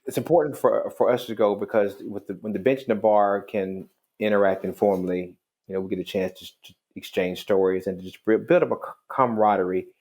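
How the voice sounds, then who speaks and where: A middle-aged man, a judge, telling stories in a relaxed chat, animated and often restarting his sentences. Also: fairly low pitch, a little fast, few pauses. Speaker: judge, podcast guest. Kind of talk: casual storytelling conversation.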